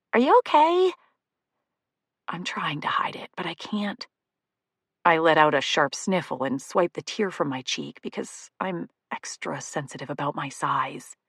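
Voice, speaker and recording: A woman narrating a romantic comedy audiobook in first person, expressive and comic. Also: sits low, breathy edge, no echo, clean studio sound.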